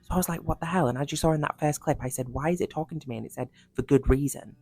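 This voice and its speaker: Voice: mid-range voice, very fast, creaky, a little mellow, breathy edge, soft background music, poor audio. A TikTok creator in a parked car, frightened and panicking, swearing often and dropping to shocked whispers, talking into a phone. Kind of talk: frightened vlog to camera.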